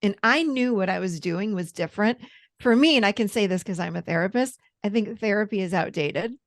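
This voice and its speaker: A woman's voice: mid-range voice, a little fast. A woman therapist and coach speaking as an interview guest, earnest and enthusiastic. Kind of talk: casual interview chat.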